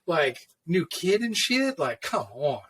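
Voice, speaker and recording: In this casual conversation, a middle-aged tattoo artist swaps shop stories in a loose, laid-back way, cursing openly and performing the dialogue customers threw at him. He speaks slowly in a fairly high, sing-song voice that's fairly bright and slightly rough.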